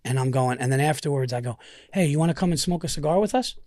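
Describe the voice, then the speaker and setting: A man with a slightly high voice tells loose, rambling stories in casual conversation. He restarts his sentences often and keeps circling back. The sound is close and dry. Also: fast talker, dark tone, dry recording. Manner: rambling storyteller, many restarts. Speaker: stand-up comedian. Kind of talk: casual podcast chat.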